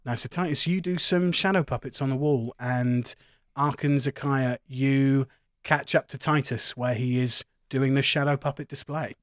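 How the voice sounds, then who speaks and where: A man's voice: mid-range voice, fairly even intonation, moderate pace, a bit bright, no room sound, studio quality. A man running a tabletop game as game master, chatty and often laughing. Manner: giggly, loose and chatty.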